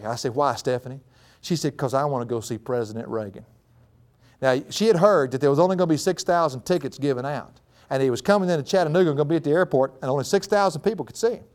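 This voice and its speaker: A middle-aged man preaching a folksy sermon before a live audience, telling a family story and laughing often, his voice climbing high when excited.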